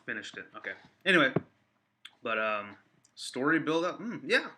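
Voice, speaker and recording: A man chatting casually on a live stream, rambling with many fillers and restarts and getting excited. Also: medium pitch, moderate pace, background noise. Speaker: wrestling vlogger reacting to viewer comments.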